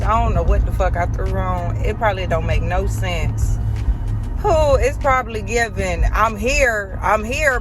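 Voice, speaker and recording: A young woman vlogging in a casual, chatty way, swearing freely and calling her viewers honey and y'all. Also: medium pitch. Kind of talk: casual vlog chat. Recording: background music under the voice. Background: background music.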